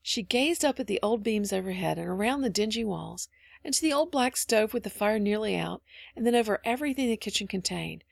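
A woman reading a children's storybook aloud in an expressive, measured narration. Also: medium pitch, vocal fry, dry recording. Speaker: audiobook reader.

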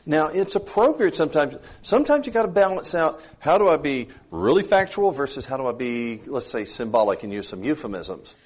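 A man's voice: fairly high pitch, big pitch swings, fairly quick, hardly any pauses, slightly rough. A man co-hosting a casual parenting chat, talking in a conversational, affirming way and sharing anecdotes. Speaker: podcast co-host.

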